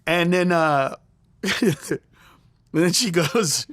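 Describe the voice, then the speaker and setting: A man's voice: a little high, expressive, extremely slow, a bit bright, no echo, clean studio sound. A middle-aged man, a comedian, telling a story in conversation and acting out the lines he quotes. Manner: acts out quoted lines in raised voice, laughs through story. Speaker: comedian guest.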